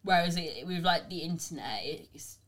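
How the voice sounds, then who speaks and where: Lively low-voiced woman podcast host. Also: moderate pace. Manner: chatty, agreeable interviewer with many "mm"s. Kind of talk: casual podcast interview.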